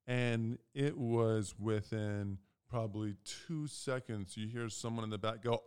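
A young man co-hosting a casual chat, telling a long story and acting out the quotes with big jumps in pitch. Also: steady tone, moderate pace, few pauses, darkish tone, clean tone. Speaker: podcast co-host.

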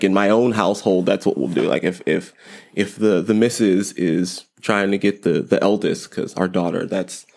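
A man hosting a podcast, giving casual parenting advice in a rambling, repeating way with light self-deprecating humor. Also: lowish voice. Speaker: podcast host.

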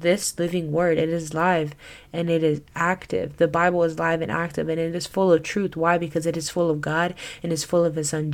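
A woman's voice: deep voice, darkish tone. A young woman giving a casual Christian teaching talk as a podcast host, earnest and chatty, full of "like" and "you know.".

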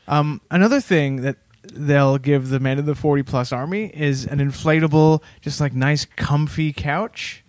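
A man's voice: fairly high pitch, moderate pace, hardly any pauses, darkish tone, no echo, studio quality. A man co-hosting a podcast, spinning playful what-if scenarios in casual chat. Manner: spins playful hypotheticals. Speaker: podcast co-host.

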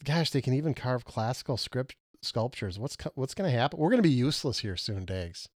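A man's voice: medium pitch, lively intonation, fairly quick, no room sound. Middle-aged guy co-hosting, rambly and jokey, trips over words, dry close sound. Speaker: podcast co-host. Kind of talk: casual chat.

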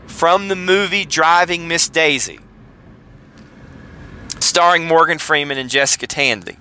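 Man, podcast host, casual commentary, wry, sardonic, bright tone. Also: fairly high pitch, a little hiss or hum. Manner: wry, sardonic, stumbling restarts.

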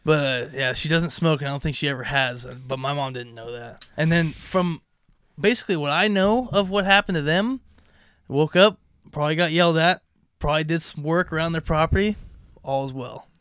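A young man telling a story in casual chat, animated and swearing, acting out what others said. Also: fairly high pitch, brisk, smooth, no echo, studio quality. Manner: animated, swearing, acts out quotes.

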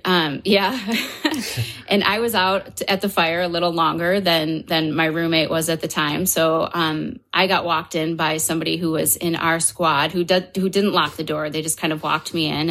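A woman, a podcast guest, telling a personal story in casual conversation, animated and full of fillers, acting out other people's lines. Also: sits low, normal speed.

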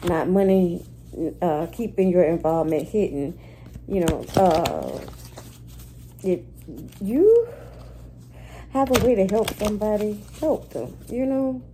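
A woman's voice: mid-range voice, lively intonation, slow pace, long pauses, noisy background. A woman hosting a weekly spiritual reading vlog, talking in a candid, slangy, rambling way. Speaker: astrology and spiritual reading host.

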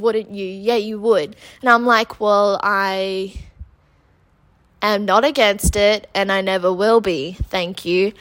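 Young woman, podcast host, exasperated chatty storytelling, fairly high voice. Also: fairly bright tone. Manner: exasperated, chatty retelling with many ums and likes.

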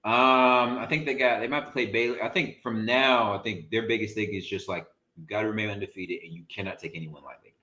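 A man co-hosting a casual sports podcast, talking in an animated, emphatic way and sometimes searching for words. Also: lowish voice, fairly quick, echoey room, low-quality recording. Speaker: podcast co-host.

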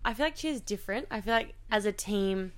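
A woman's voice: mid-range voice, expressive, brisk, no echo. A young woman co-hosting a podcast, talking casually and candidly with lots of fillers. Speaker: podcast co-host. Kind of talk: casual chat.

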